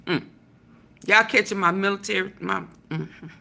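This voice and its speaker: A woman's voice: medium pitch, fairly even intonation, normal speed, gravelly, pushed and bright. A woman vlogger giving casual commentary to her viewers, with sassy, laughing asides.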